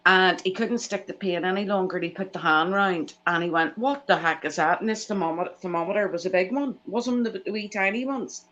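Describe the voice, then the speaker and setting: A woman's voice: medium pitch, brisk, few pauses, highs cut off. A woman, telling family anecdotes in a casual live chat and acting out the people she quotes. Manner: animated anecdote teller, acts out quoted voices.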